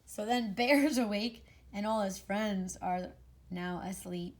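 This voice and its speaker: Slow, expressive woman reading to kids. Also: medium pitch. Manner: expressive, asks the children questions. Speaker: kindergarten teacher. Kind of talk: reading a picture book aloud.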